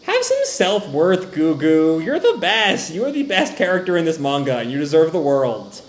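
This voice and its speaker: A man's voice: a little high, big pitch swings, moderate pace, echoey room. A man voicing a brash, loyal young masked man from a manga, reading his lines aloud in a reaction video. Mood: self-pitying.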